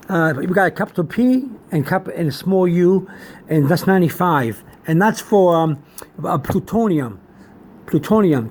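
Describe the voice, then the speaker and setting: Male teacher, high voice, halting delivery, spells words aloud, says okay a lot. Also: darkish tone. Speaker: channel host teaching chemistry and medical terms. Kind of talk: informal whiteboard lesson.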